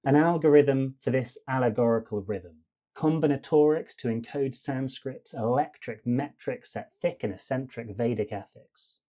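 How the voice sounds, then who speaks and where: A male podcast host delivers rhythmic spoken-word verse, riding a steady beat and landing his rhymes with emphatic stresses. His voice has a mellow, warm tone. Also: medium pitch.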